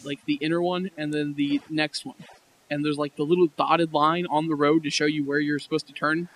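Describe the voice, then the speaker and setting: Young guy ranting in a relaxed chat, a bit high-voiced. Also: fairly quick, a little hiss or hum, rough recording. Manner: rambling, laughs often, lots of "like". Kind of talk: casual chat.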